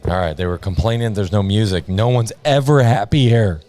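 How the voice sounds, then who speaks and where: A man's voice: lowish voice, brisk, a little mellow, soft background music. A man commentating a live sports stream in casual banter, rambling and joking with frequent laughs. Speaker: livestream commentator.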